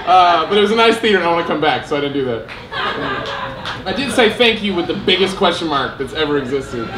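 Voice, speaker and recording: A man performing spoken word poetry on stage and telling stories between pieces, emphatic and self-mocking, quick to laugh. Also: fairly high pitch, animated, far from the mic, very noisy. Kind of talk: live slam poetry and stage storytelling. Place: theater stage with audience. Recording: roomy live venue sound.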